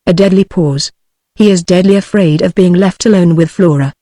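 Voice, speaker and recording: A woman's voice: lowish voice, moderate pace, dry recording, clean studio sound. Synthetic British woman reading a novel. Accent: British English. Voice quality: even machine-read delivery that reads punctuation aloud. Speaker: audiobook narrator. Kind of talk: synthetic text-to-speech book reading.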